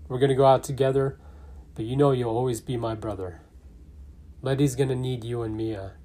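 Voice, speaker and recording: A man's voice: medium pitch, fairly even intonation, fairly quick, warm tone, natural voice. A man reading the lines of an earnest male street racer who leads his crew like a family.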